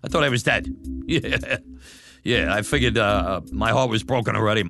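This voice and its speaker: A middle-aged man recounting an old memory in an interview, animated and acting out the voices of others. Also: fairly low pitch, moderate pace, vocal fry, over music. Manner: animated, acts out quoted voices. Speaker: former batboy interviewee. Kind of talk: storytelling interview.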